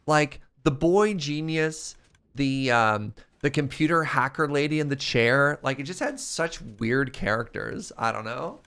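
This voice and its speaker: A man's voice: mid-range voice, expressive, measured pace, fairly bright tone, clear, resonant tone. Chatty man streaming a game. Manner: chatty, laughs often, talks to chat. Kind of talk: casual chat while gaming.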